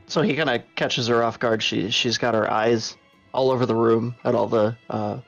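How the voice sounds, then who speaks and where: Gravelly, hesitant male player. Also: medium pitch, steady tone, moderate pace, a bit bright, highs cut off, soft background music. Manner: hesitant, repeats words. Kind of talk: describing his character's actions.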